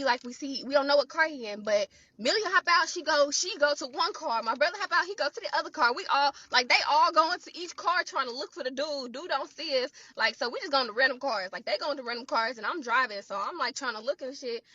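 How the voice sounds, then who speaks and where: A woman telling a profane, animated storytime, acting out the quotes. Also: high voice, fast talker, dry recording, dull audio. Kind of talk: casual storytime vlog.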